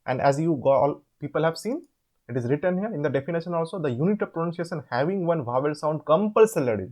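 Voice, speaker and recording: A man with an Indian English accent tutoring students through an English assignment, explaining step by step and repeating words slowly. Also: on the high side, lively intonation, darkish tone. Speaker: online course tutor. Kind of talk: assignment walkthrough lesson.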